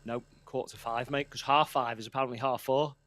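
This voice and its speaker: A man's voice: medium pitch, steady tone, fast, a bit bright. A man, chatting casually as a co-host and telling rambling stories that break off and restart. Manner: rambling, self-interrupting storyteller. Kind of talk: casual chat.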